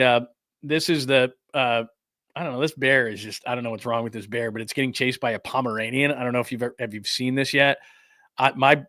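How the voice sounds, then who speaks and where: A man's voice: medium pitch, sharp tone, no room sound, studio quality. A man hosting a sports podcast in a casual, chatty, rambling way. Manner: chatty, rambling, laughs easily.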